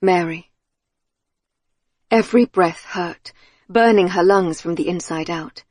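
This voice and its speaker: A woman reading an audiobook thriller in a measured, tense storytelling manner on a close studio mic. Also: lowish voice, a little mellow, no room sound. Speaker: audiobook narrator. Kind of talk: scripted audiobook narration.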